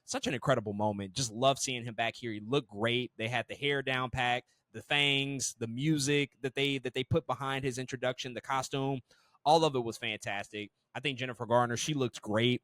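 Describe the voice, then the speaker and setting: Animated man reviewing a movie. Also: medium pitch, normal speed, no room sound. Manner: animated, swears, repeats words when restarting. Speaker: podcast co-host. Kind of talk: casual movie review chat.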